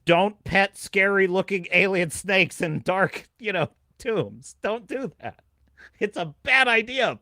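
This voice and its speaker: A man's voice: high-pitched, pushed and bright, no room sound, studio quality. A man hosting a live stream, ranting animatedly and laughing as he reads out chat messages.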